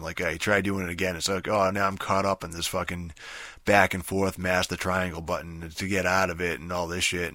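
A man giving a casual, rambling spoken review of a video game, swearing often and filling pauses with um and you know. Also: sits low, sharp tone, no room sound. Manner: rambling, profane, many fillers and restarts.

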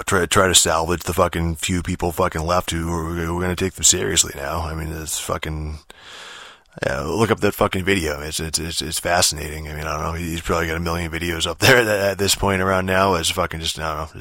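A man with a low voice and a forceful, tense edge, ranting in a casual, rambling way. He swears almost every phrase and stumbles through fillers and restarts. The recording is dry and close, with no room sound. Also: fairly even intonation, brisk, no echo. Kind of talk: casual political rant.

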